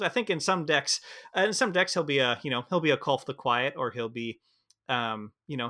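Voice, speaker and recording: Bright-voiced male podcast co-host. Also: mid-range voice. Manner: joking, hesitant with many fillers. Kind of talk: casual chat.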